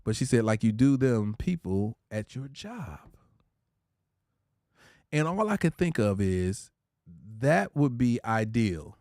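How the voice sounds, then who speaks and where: A man hosting a casual livestream, talking through relationship advice in an easygoing, preachy way and shouting out his chatters by name. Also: medium pitch, lively intonation, slow pace, long pauses, no echo, clean studio sound. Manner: reads out viewer comments and shouts out chatters; laid-back, conversational, preachy about relationships. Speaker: livestream host.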